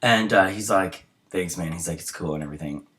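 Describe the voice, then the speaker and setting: A man's voice: low voice, fairly quick, a bit bright. A young man hosting a casual TV episode review, retelling scenes in a rambling way with many fillers and sounding tired, as it's early in the morning.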